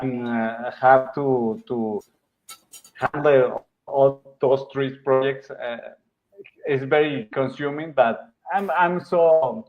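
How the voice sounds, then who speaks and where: A man, a comic book artist, answering questions about his projects, hesitating and repeating words as he searches for them. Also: mid-range voice. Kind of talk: casual interview answer. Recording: dull lo-fi sound.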